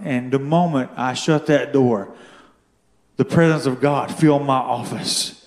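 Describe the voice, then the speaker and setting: A man telling a story from his own life as a testimony during a sermon, building to shouted fervor. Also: mid-range voice, unhurried, roomy sound. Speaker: guest speaker giving testimony. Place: church.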